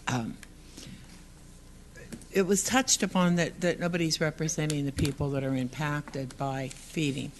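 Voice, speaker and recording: A woman's voice: deep voice, a little slow, slight background noise. Earnest woman giving public comment. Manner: earnest, partly reading prepared text, rambling asides. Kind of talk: public comment at a council meeting. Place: city council chamber.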